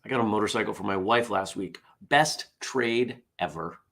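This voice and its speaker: A man's voice: on the low side, moderate pace, gravelly, fairly bright tone. A tired man hosting a casual morning show, reading jokes aloud in a wry, self-deprecating way. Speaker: host.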